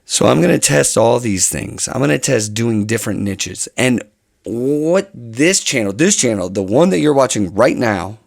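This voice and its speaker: A man's voice: medium pitch, animated, normal speed, gravelly, dry recording, studio quality. A man talking casually to camera about his channel plans, rambling and often restarting his phrases. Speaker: channel host.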